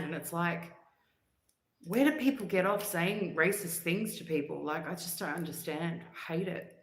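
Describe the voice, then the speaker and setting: An Australian woman in her forties chats casually with her livestream viewers, blunt and animated as she tells her stories. Her voice sits fairly low but sounds bright and forceful, and a roomy echo hangs around it. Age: 40s. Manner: animated storyteller, blunt and outspoken. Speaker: livestream host.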